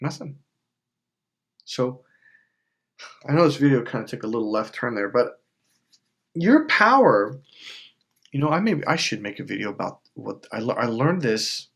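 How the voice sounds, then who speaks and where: A man hosting a self-help video, telling stories in a casual, animated way with frequent swearing. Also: mid-range voice, moderate pace, vocal fry, pauses often. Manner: animated storytelling with swearing and acted-out quotes. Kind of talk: casual motivational talk.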